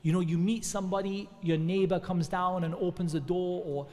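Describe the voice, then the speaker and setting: A man's voice: high-pitched, steady tone, moderate pace, a little mellow, long reverb tail. A man giving earnest, conversational religious advice, often repeating devotional phrases as he talks. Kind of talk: informal religious advice talk.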